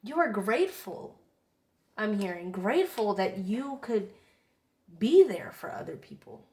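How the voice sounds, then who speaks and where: A woman giving a casual spiritual tarot reading, earnest and effusive, chatting with soft whispered asides. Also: mid-range voice, sing-song, a little slow. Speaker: tarot reader.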